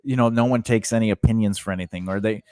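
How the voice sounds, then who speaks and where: A man's voice: on the low side, fairly even intonation, fast, mellow, dry recording, studio quality. A man co-hosting a home podcast, chatting casually in a rambling way and breaking off to talk to his dog. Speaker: podcast co-host. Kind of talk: casual chat.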